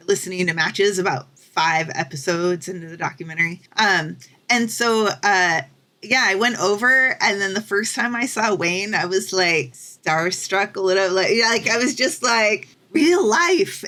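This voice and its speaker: A young woman co-hosting a podcast, chatting casually with lots of fillers and lively quoted voices. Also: fairly low pitch. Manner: chatty, many fillers, animated when quoting people. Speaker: podcast co-host. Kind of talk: casual chat.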